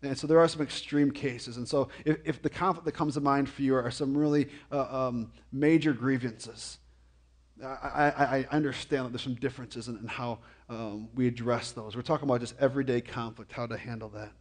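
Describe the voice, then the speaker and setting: A man preaching a conversational sermon as a pastor, often repeating and stumbling over words, with jokey, animated asides. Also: medium pitch, fairly quick. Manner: frequent stammered repetitions.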